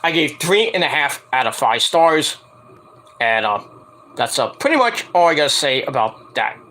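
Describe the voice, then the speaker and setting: A man's voice: a little high, very animated, moderate pace, pushed and bright. A man giving a casual, rambling spoken review with lots of fillers and swearing. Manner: rambling, profane, with many fillers. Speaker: wrestling show reviewer.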